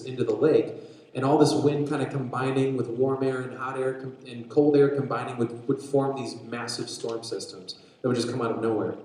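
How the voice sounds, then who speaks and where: A man preaching a sermon, retelling a story in an animated way with frequent restarts. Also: mid-range voice. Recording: very echoey room.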